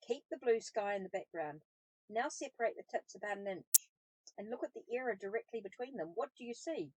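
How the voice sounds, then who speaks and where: A woman's voice: medium pitch, animated, a little fast, darkish tone, a little hiss or hum, lightly acted, poor audio. A woman reading aloud the lines of an earnest male forest researcher in his forties, explaining things patiently. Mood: instructing. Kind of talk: audiobook reading of dialogue.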